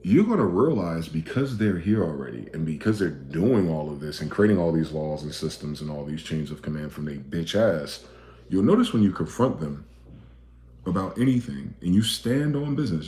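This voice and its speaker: A man with a low, dark voice delivers a profane, emphatic monologue. He jumps from loud, pointed outbursts to quiet, muttered asides. His voice rings in a bare, echoey room. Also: expressive, brisk. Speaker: video commentator.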